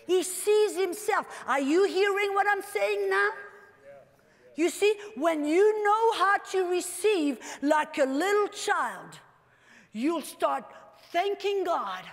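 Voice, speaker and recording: High-voiced woman preaching in an echoing hall. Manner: animated, builds to shouts. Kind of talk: sermon.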